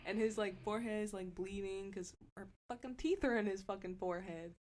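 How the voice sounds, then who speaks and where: A young woman co-hosting a podcast, telling a story casually with lots of swearing and loud acted-out quotes. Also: medium pitch, a little fast, soft background music. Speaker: podcast co-host.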